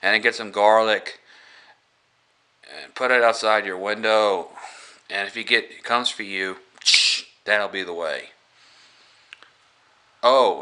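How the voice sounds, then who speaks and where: An older male vampire hunter who lays out his rules in an earnest, instructive way, as a man quoting a film puts him on. His voice is low and has a forceful ring.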